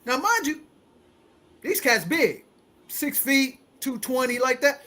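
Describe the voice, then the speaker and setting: A man in his forties hosting a casual talk show, telling a story in an animated way and acting out the people in it. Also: very high voice, unhurried, pauses often. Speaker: host.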